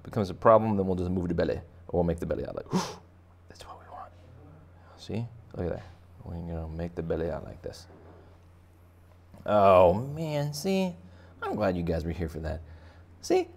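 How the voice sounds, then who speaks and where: An art teacher sketches while showing kids how to draw, chatting casually and tossing in joking asides. His voice is fairly low and darkish, with vocal fry.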